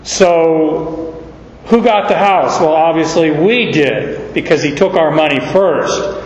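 A man's voice: a little high, a little hiss or hum. A middle-aged man from Arizona preaching a sermon, telling stories unhurriedly and rising sharply on key words. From Arizona, USA. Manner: unhurried storytelling with sudden emphatic rises. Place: large hall or church. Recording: muffled, echoey hall.

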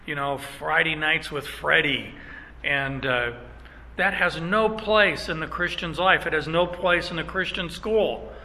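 A middle-aged man preaching a sermon as pastor, emphatic, stressing words in slow phrases. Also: a little high, pushed and bright, big-room sound, poor audio.

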